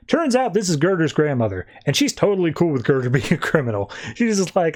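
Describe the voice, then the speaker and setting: A man casually recapping a comic on a podcast, slipping into quick, loose character voices as he retells each scene. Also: fairly high pitch, big pitch swings. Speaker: podcast co-host.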